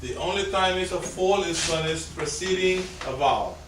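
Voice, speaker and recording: A man's voice: sits high, normal speed. A male language teacher explaining grammar step by step to a class in a classroom lesson. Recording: echoey room, distant mic, noise.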